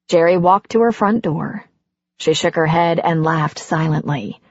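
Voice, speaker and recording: A woman narrating an audiobook in a calm, even storytelling manner. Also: fairly low pitch, a little slow, husky, dry recording, dull audio. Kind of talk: scripted narration.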